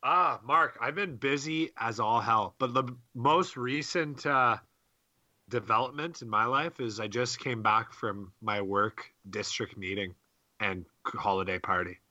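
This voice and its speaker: Young guy on a podcast, laid-back and jokey, bright lively voice, dry close sound. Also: mid-range voice, a little slow, no echo, highs cut off. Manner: joking, laid-back, swears. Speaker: podcast co-host. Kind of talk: casual chat.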